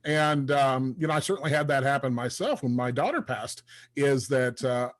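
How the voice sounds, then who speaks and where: A man's voice: mid-range voice, moderate pace. A man hosting a podcast, telling rambling stories full of fillers in a casual chat. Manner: rambling storyteller, many fillers. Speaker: podcast host.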